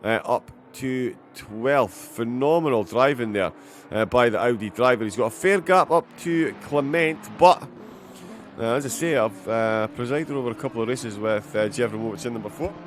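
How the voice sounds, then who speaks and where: Brief: Scottish male race commentator, live and filler-heavy, excited by crashes, mid-range voice, slight background noise. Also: mid-range voice, moderate pace. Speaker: sim racing commentator.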